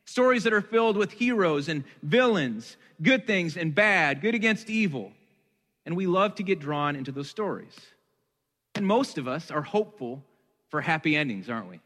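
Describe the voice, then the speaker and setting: Bright-voiced male pastor in a big echoing hall. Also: a little high. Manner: conversational, with rhetorical questions and self-deprecating asides. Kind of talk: sermon.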